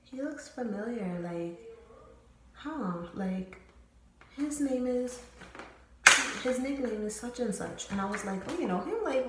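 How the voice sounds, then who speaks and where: In a very echoey room with a little hiss or hum, a young woman who makes storytime videos shares a candid, rambling personal tale with her viewers, full of fillers and swearing. Her voice is mid-range with a darkish tone.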